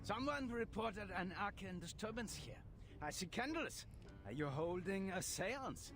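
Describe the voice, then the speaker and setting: A man's voice: high voice, lively intonation, measured pace, over music. An actor voicing a stern male officer of arcane regulation, speaking formally with a forced German accent. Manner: formal, lecturing.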